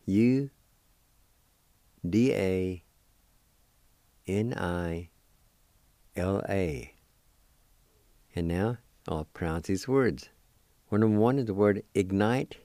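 On the radio, a man teaches a language lesson, spelling words letter by letter and repeating them slowly. Patient and encouraging toward listeners, he has a low-pitched, mellow voice in a dry recording.

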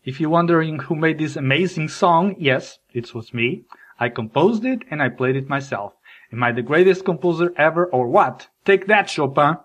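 A man's voice: on the high side, normal speed. A man from Portugal, a podcast host, performing a scripted comedic monologue with jokey storytelling. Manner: animated, jokey storytelling with mock voices.

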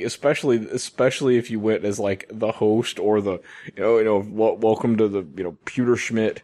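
A man's voice: lowish voice, a little mellow. A man co-hosting a podcast in casual chat, rambling with many restarts. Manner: rambling, full of restarts and likes. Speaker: podcast co-host.

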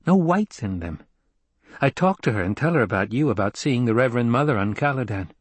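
A man's voice: mid-range voice, animated, brisk, breathy edge, dry recording. A man voicing a wary, stubborn teenage boy in an audiobook reading, answering in a guarded, terse way.

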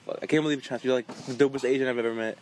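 A man's voice: mid-range voice, steady tone, rapid-fire, background noise. Laid-back man telling anecdotes. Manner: laid-back, swears casually, mimics people in anecdotes. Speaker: podcast co-host. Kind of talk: casual chat.

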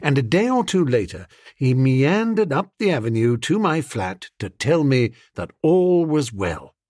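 Animated husky male storyteller. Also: medium pitch, a little slow, dry recording, studio quality. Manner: animated, comic, playful. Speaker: audiobook narrator. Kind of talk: scripted narration.

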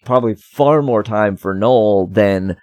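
A man's voice: on the low side, unhurried, a little mellow, dry recording, studio quality. A man co-hosting a casual podcast chat, rambling with many fillers and restarts. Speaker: podcast co-host.

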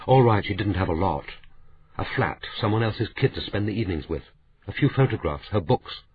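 A man voicing a grieving, indignant woman detective, soft and shaky one moment and high and reproachful the next. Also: lively intonation, fairly quick, a little hiss or hum, lightly acted. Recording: narrow, phone-like audiobook sound.

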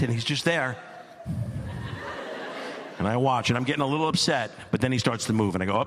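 A middle-aged man telling a stand-up story as an exasperated dad, animated and climbing to near-shouts. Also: mid-range voice, a little fast. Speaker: stand-up comedian.

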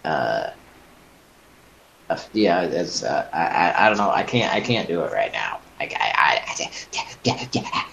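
Deep, slow-talking male stream host. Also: big pitch swings, vocal fry, fairly bright tone, muffled recording, slight background noise. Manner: rambling, hesitant, self-mocking. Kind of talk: casual chat.

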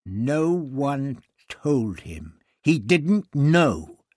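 A man's voice: a little high, animated, a little slow, no room sound, studio quality, voice pushed up. A man reading an audiobook, voicing an earnest young woman teacher in a raised voice with an urgent, pleading manner. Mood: alarmed.

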